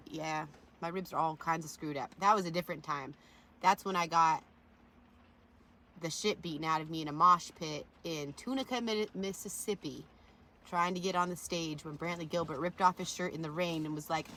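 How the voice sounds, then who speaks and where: A woman vlogger casually rambling through wild stories, profane and animated, with sudden loud bursts. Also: fairly low pitch, normal speed, slight background noise.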